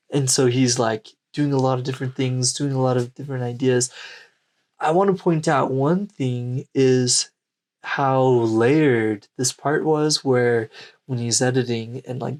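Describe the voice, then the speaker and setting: A man co-hosting a casual podcast, often agreeing along and reflecting at length on a film. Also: mid-range voice. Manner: frequent backchannel agreement, reflective. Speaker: podcast co-host. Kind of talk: casual chat.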